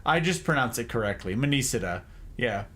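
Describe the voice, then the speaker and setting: A man's voice: mid-range voice, animated, brisk, fairly bright tone. A man streaming a game at his desk, joking with chat, teasing over mispronunciations and laughing often. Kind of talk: casual livestream chat with viewers.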